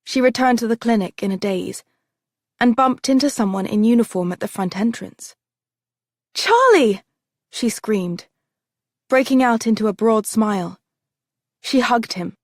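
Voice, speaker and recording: A woman narrating an audiobook in a clear, even way. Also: on the high side, moderate pace, no echo, studio quality. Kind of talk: scripted narration.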